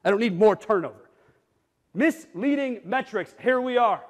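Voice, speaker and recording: Brief: middle-aged male conference speaker, blunt, jokey, high voice, long hall reverb. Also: moderate pace. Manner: animated, blunt, jokey, rising to near shouts. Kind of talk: energetic keynote presentation. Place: conference hall with live audience.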